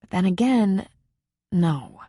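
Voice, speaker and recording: A woman narrating a novel as an audiobook in a measured, even storytelling voice. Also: on the low side, breathy edge, no room sound, studio quality. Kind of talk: scripted narration.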